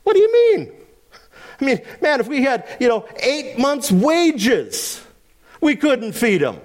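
A man's voice: very high voice, moderate pace, darkish tone, voice pushed up. A man preaching voices a group of grumbling, put-out male apostles in a raised, emphatic voice. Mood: miffed.

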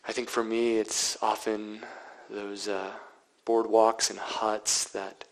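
A male pastor preaching a sermon, dropping to hushed whispers and then building to loud, emphatic passages. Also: fairly low pitch, little pitch movement, takes it slowly, poor audio.

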